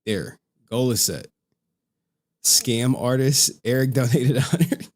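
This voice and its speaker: The livestream host here has a mid-range, slightly mellow voice and a slow pace. He chats casually and rambles to his chat, laughing frequently.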